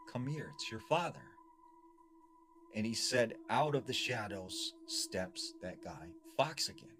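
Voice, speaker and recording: A man dramatically retelling a scary story, his voice swinging from loud to hushed. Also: on the low side.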